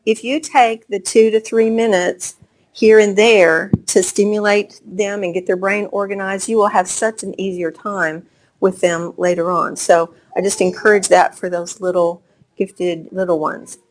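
A woman's voice: mid-range voice, steady tone, measured pace. A woman presenting to homeschooling parents, explaining child brain development and telling stories that she acts out. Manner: warm storytelling with acted-out quotes. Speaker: speaker on gifted children's development.

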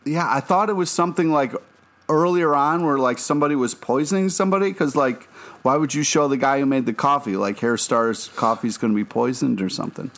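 A man's voice: medium pitch, a little fast, fairly bright tone. A man co-hosting a casual podcast, retelling scenes loosely with many "like"s. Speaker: podcast co-host. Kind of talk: casual TV recap chat.

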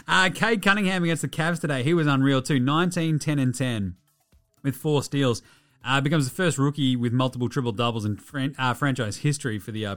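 A man hosting a casual sports podcast, joking and swearing as he recaps games. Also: mid-range voice. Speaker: podcast host.

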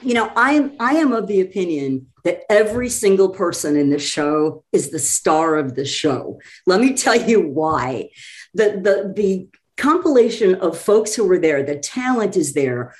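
A woman's voice: fairly low pitch, expressive. A woman chatting eagerly as a guest about a community theater show. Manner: enthusiastic, talks quickly in bursts. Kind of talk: casual chat.

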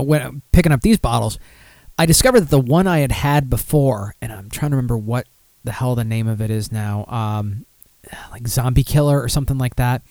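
A man's voice: mid-range voice, a little mellow, dry recording. A man hosting a casual beer podcast, rambling and self-deprecating, with lots of fillers and restarts. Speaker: podcast host.

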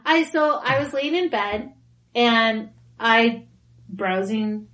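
A young woman co-hosting a podcast, telling stories in casual chat, excitable and quick to laugh. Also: a little high, poor audio. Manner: excitable storyteller, laughs often. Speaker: podcast co-host.

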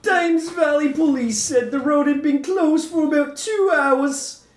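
A man voicing a rowdy male cockney hooligan reading out a news story, in a loud, laughing, overdone put-on accent. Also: very high voice, measured pace, roomy sound, pitched above the performer's own voice.

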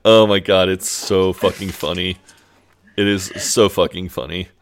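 A man's voice: low voice, fairly even intonation, a little slow. A man co-hosting a podcast, recapping a TV episode in a laid-back, amused way and swearing freely. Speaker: podcast co-host.

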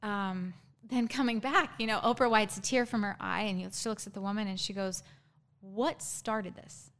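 A woman guest in an interview telling her own story candidly, halting, with frequent ums and restarts. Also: mid-range voice, fairly bright tone.

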